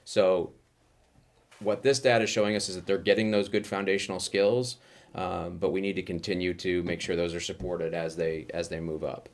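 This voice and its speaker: A man, a school administrator, presenting data at a board meeting, talking quickly with many ums and restarts. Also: low voice, level tone. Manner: rushed, heavy with fillers and restarts.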